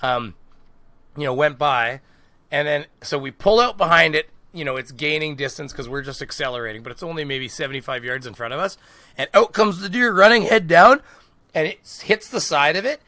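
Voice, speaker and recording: A man, co-hosting a podcast, telling a story in a lively, swearing, laughing way. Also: a little high, fairly quick, no echo. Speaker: podcast co-host. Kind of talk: casual storytelling chat.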